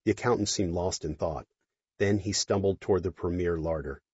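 A man narrating an audiobook in an expressive storytelling manner. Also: low-pitched, a little fast, breathy edge, no room sound. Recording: dry, dull lo-fi audio.

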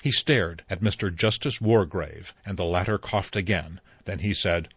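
A man narrating an audiobook in an even, unhurried storytelling manner. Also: low-pitched, slightly rough, dry recording. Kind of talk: scripted narration. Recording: slightly dull dry recording.

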